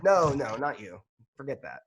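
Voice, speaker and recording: Male podcast co-host, mid-pitched, very lively delivery, rambling self-deprecating football talk. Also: normal speed, gravelly. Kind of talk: casual football chat.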